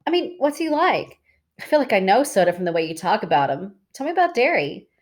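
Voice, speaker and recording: A woman reading aloud, voicing a sharp, direct teenage girl with a high, pressing voice. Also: big pitch swings, fairly quick, close to an everyday voice. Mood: curious. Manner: insistent, pressing.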